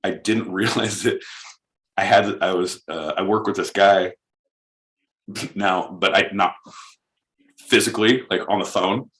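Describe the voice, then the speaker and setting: A Californian man co-hosting a podcast, talking in a rambling, excitable way with lots of restarts and swearing. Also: sits low, unhurried, long pauses, poor audio. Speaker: podcast co-host. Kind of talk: casual chat.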